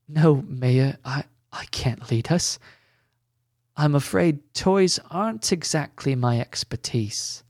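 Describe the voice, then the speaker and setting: A man's voice: fairly high pitch, animated, takes it slowly, darkish tone, no echo, clean studio sound, full character voice. A man voicing a modest male elf hero who speaks earnestly and humbly in a storybook reading.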